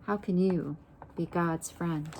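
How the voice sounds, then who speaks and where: Slow, gentle woman reading a storybook. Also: fairly low pitch, a little hiss or hum. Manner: gentle, unhurried, pauses to ask listeners questions. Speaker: storybook reader. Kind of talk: reading a children's picture book aloud.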